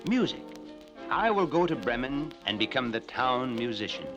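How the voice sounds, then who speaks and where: A man's voice: mid-range voice, very animated, moderate pace, highs cut off, music in the background, pitched above the performer's own voice, lightly acted. A man voicing a cheerful old donkey who talks in a jaunty, encouraging way.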